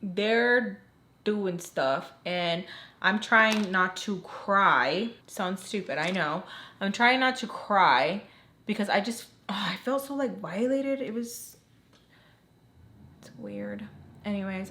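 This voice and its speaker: A woman's voice: medium pitch, animated, takes it slowly, bright, forceful tone. A young woman telling a storytime vlog. She talks in a loose, chatty way and fills almost every phrase with "like". Her voice sits in an ordinary middle range for a woman. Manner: chatty, says "like" constantly, emotional retelling. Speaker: vlogger.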